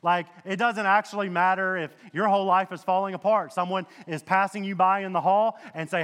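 A man preaching a sermon as a pastor, talking in a conversational, animated way with rhetorical questions and asides. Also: sits high, fairly quick, hardly any pauses, smooth, in a large hall.

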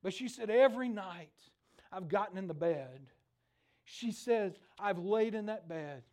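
A middle-aged man preaching a sermon, telling stories with lively acted-out voices. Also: sits high, a little slow. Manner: animated storytelling, acts out voices in the stories. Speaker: pastor.

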